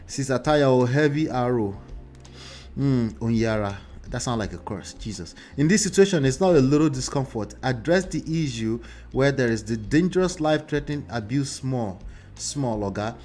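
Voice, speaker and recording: Male host, mid-pitched, chatty and mocking, faint music behind. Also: moderate pace. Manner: animated, mocking, laughs often. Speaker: host reacting to a video with live chat. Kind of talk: live reaction commentary.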